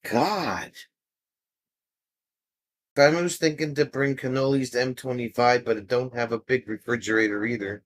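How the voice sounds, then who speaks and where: A man's voice: mid-range voice, steady tone, moderate pace, pauses often. A man hosting a casual livestream, chatting with viewers and teasing them playfully. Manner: playful, teasing, jumps from topic to topic. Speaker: livestream host. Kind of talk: casual live chat, answering viewers.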